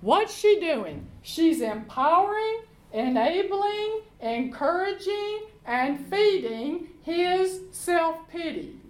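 Slow, lively woman preacher. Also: very high-pitched, echoey room, low-quality recording. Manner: lively storytelling, acting out quotes. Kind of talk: sermon storytelling.

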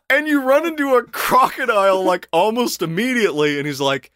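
A young man with a bright, ringing voice tells a story in loose, comic chat. His pitch swings widely, he laughs often and swears freely, and the sound is close and dry. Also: lively intonation, normal speed, no echo. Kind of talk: casual comedic chat.

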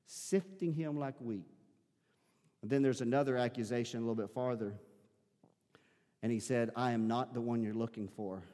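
A slightly mellow, medium-pitched male voice carries a Southern US accent as this pastor from the American South preaches. The sermon is live-streamed from an echoing church sanctuary, where he breaks into emphatic bursts and calls out to the congregation.

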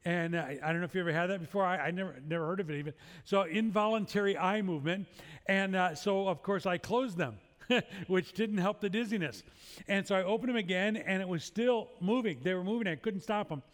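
A man's voice: sits high, brisk. A middle-aged male pastor preaching a sermon, telling a story with humorous, self-deprecating asides. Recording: long hall reverb.

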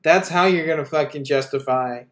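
Podcast co-host, male, high voice, sarcastic and profane in casual political talk. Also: normal speed.

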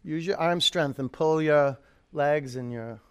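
A man's voice: fairly high pitch, measured pace, smooth. A man teaching a live yoga class, calling out poses, counting down holds and coaching students by name.

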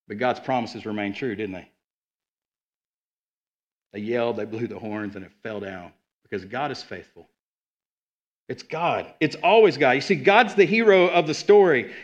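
A man preaching a sermon in an earnest, conversational way, often repeating himself. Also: medium pitch. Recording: dull lo-fi sound.

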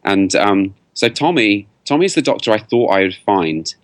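A British man tells his own story in a low voice, candid and a little halting with fillers. He is a guest on a podcast interview. The sound is dry and close. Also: lively intonation, no echo.

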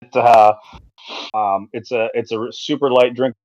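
A man's voice: medium pitch, steady tone, normal speed, a little mellow, no room sound. Man co-host, rambling storyteller, dry dull-sounding mic. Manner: rambling, full of ums and restarts. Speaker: podcast co-host. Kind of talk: casual chat.

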